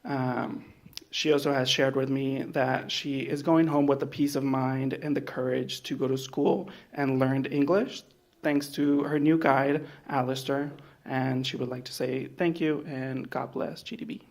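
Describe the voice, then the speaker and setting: Man, interpreter at a ceremony, steady mid-pitched delivery with uhs. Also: unhurried, creaky. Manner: steady, filler uhs between phrases. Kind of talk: summarizing a translation.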